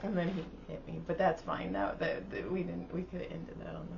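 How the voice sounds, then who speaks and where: A woman with a lowish voice chats casually on a podcast, giggling through her stories. The audio is a bit dull, with a faint hiss. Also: fairly even intonation, a little fast, vocal fry. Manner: giggly, chatty storyteller. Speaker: podcast host. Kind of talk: casual chat.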